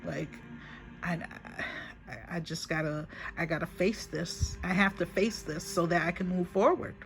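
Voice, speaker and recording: A woman's voice: on the low side, steady tone, a little slow, faint music behind. A woman giving a casual spiritual reading to a phone, chatty and emphatic, repeating herself and calling viewers honey. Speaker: spiritual reader.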